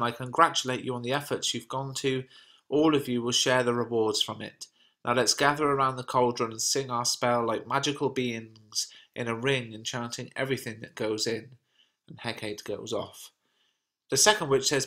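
A British male teacher reading a modern translation of a play aloud for a lesson, in a plain, measured way. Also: mid-range voice, sharp tone. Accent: British English.

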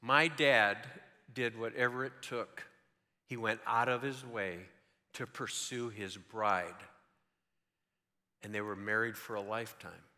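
A man in his sixties preaching a sermon, telling stories in an animated way that swings from loud to hushed. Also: lowish voice, takes it slowly, pauses often, big-room sound. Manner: animated storytelling, shifting between loud and hushed.

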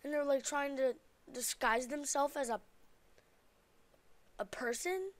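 This young gaming-channel host speaks in a high, unhurried voice with no echo. Chatting casually through her play, she gets excitable, gasping and shrieking at the on-screen action.

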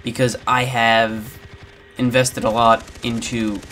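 A man's voice: medium pitch, little pitch movement, slow pace, sharp tone, a little hiss or hum. Rambling man hosting a gaming vlog. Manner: rambling, lots of filler words. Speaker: gaming channel host. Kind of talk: casual commentary over gameplay.

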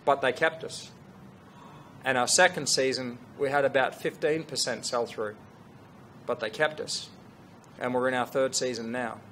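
A middle-aged man, a fashion brand founder telling a story to an audience in an earnest, animated way with restarts. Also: medium pitch, normal speed, a little hiss or hum. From Australia.

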